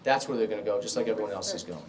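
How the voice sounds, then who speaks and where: A man's voice: lowish voice, rapid-fire, slight background noise. A middle-aged man giving an emphatic rally speech and answering questions as a political candidate. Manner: emphatic, repetitive stump-speech delivery. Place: club meeting room.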